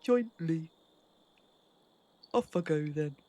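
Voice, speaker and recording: Low-pitched and measured in pace, this woman's voice carries a relaxed live stream of a game she's playing at home. Chatty and quick to laugh, she reads viewer messages aloud and responds to them.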